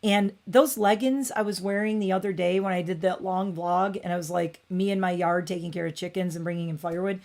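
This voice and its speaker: A woman's voice: lowish voice, fairly even intonation, a little fast, hardly any pauses, a little mellow. Rambling opinionated woman livestreamer. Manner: rambling, full of "like" and restarts, opinionated. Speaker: beauty channel host. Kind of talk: casual livestream chat.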